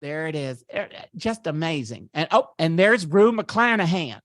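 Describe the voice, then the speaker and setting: A man's voice: on the high side, lively intonation, normal speed, fairly bright tone, no room sound, clean studio sound. A man putting on a campy male comedian's voice while hosting a party and gushing over a photo slideshow. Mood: gleeful, gushing. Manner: gushing, giggly, chatty asides. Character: campy middle-aged male comedian impression. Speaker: party host. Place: virtual party at home.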